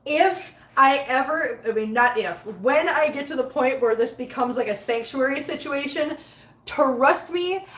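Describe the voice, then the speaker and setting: A woman with a high, expressive, slightly bright voice speaks a little slowly as she scoops litter boxes at home, surrounded by cats. She's live streaming and reading chat, laughing frequently and chatting with her pets, recorded on a nearby phone in an echoey room.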